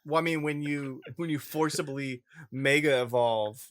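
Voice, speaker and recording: A man's voice: on the high side, a little slow, fairly bright tone, a little hiss or hum. A man co-hosting a podcast in casual chat, joking and rambling through his thoughts. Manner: jokey, rambling. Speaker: podcast co-host.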